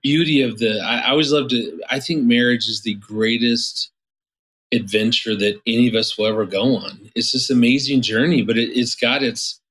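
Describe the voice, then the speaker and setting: A man's voice: mid-range voice, steady tone, moderate pace, a bit bright, rough recording. A man in his fifties, a marriage therapist guest, telling stories in a casual interview with many restarts and fillers.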